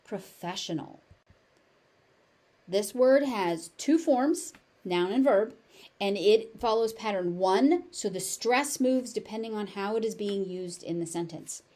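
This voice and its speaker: A woman with a General American accent teaching pronunciation, repeating each word slowly and carefully. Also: medium pitch, dark tone. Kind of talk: pronunciation lesson with word drills.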